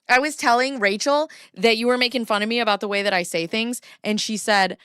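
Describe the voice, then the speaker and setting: A middle-aged woman hosts a casual livestream, joking with viewers, laughing often, and reading court filings aloud. Her voice is slightly high, bright, clear and resonant, and she speaks briskly with hardly any pauses. The recording is dry and clean, like a studio.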